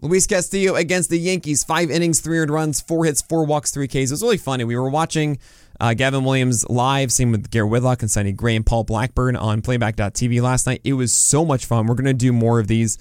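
A man's voice: medium pitch, clean tone, no room sound. Chatty male podcast host, dry sound. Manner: chatty, animated, self-mocking asides; rattles off stat lines in quick lists. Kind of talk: casual podcast talk on fantasy baseball.

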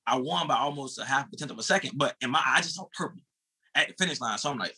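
A man in his thirties from the United States, a former sprinter telling a race story in animated, casual talk, swearing and calling the host bro. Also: medium pitch, racing, slightly rough.

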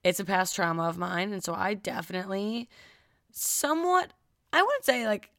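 A woman in her twenties from the Midwest, co-hosting a podcast in casual chat, telling stories in an animated way and acting out quoted lines loudly. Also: medium pitch, normal speed, no echo, clean studio sound. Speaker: podcast co-host.

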